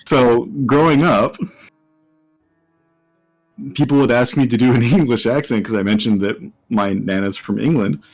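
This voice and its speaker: A man's voice: medium pitch, moderate pace, long pauses, darkish tone, rough recording. A man playing a tabletop game, chatting and telling stories with frequent laughs. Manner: laughs often, storytelling. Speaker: player. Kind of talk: casual chat at a tabletop game.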